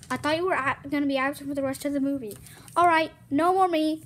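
A woman improvising playful toy-movie dialogue, excitable and exclaiming, often slipping into sing-song. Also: sits high, fast talker, a little hiss or hum. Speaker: home movie maker voicing toy characters.

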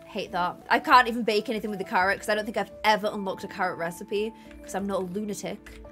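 A woman's voice: mid-range voice, fairly even intonation, fast, sharp tone, faint music behind. A woman streaming a game live, chatting bubbly with dramatic exclamations and thanking viewers. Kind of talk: live gameplay stream chat.

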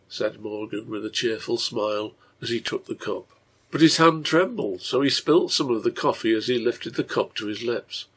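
A man reading aloud his translation of a serial novel in measured storytelling narration, with a gravelly voice. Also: mid-range voice, expressive, a bit bright. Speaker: reader and translator.

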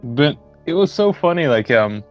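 A man's voice: a little high, big pitch swings, normal speed, muffled recording, soft background music. A man co-hosting a casual movie podcast, wry and sarcastic in his quips. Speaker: podcast co-host. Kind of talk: casual movie chat over beer.

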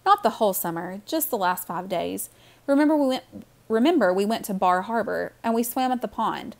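A woman's voice: mid-range voice, animated, brisk, vocal fry, a little mellow. A woman voicing an earnest, sincere young girl in a storybook reading.

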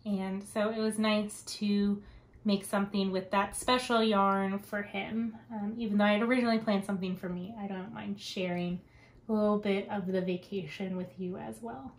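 A woman's voice: medium pitch, steady tone, normal speed. Young adult woman, podcast host, casual and talkative with easy laughs. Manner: chatty, laughs often, wanders onto tangents. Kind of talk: casual chat.

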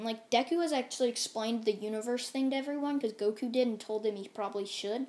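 A woman's voice: on the high side, fast talker, hardly any pauses, a little mellow. A woman casually narrating a fan-made story, rambling and full of fillers.

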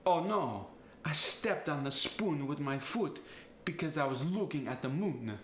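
A man's voice: a little slow, reverberant, a little hiss or hum. A man demonstrating a put-on Italian accent in short example sentences, with a staccato, melodic delivery. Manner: staccato, melodic, lively pitch.

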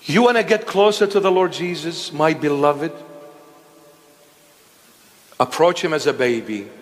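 Male preacher, high voice, slow and deliberate, emphatic call-and-response sermon, church with long reverb. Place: church hall.

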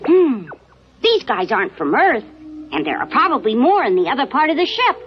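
A woman's voice: high voice, very animated, normal speed, slight background noise. A woman voicing a brave, eager boy robot hero in an old cartoon dub. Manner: plucky, eager. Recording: dull old dub with music.

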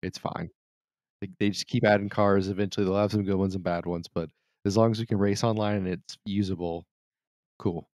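Laid-back male co-host, lowish voice, dry close mic, rambling storyteller with crude humor. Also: fairly quick, no echo. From United States. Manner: relaxed, rambling anecdotes, crude jokes, frequent restarts and laughs. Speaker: podcast co-host. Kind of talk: casual podcast banter.

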